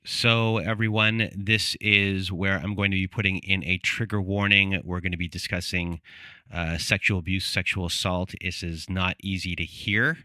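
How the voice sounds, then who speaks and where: A man hosting an interview show, asking questions in a hesitant, measured way and giving a trigger warning to listeners. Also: sits low, level tone, sharp tone, no echo, clean studio sound. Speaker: host.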